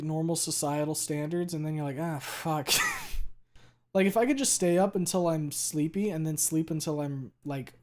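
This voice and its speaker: A male streamer chatting casually with viewers, talking quickly and running words together, with a lot of swearing. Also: a little high, darkish tone. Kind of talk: casual chat reading viewer messages.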